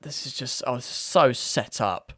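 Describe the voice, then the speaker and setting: A man's voice: medium pitch, moderate pace, bright, forceful tone, no room sound, clean studio sound. A man hosting his own video, chatting casually and laughing as he reads out posts. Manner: amused, laughs often, chatty with many restarts. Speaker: vlog host. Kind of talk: casual commentary reading posts aloud.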